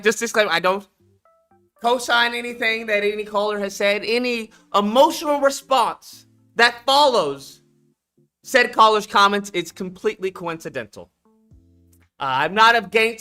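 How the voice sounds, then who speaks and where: Bright-voiced blunt male streamer. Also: extremely high pitch. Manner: blunt, emphatic, slangy, repeats phrases. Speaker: livestream host. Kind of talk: casual commentary with callers.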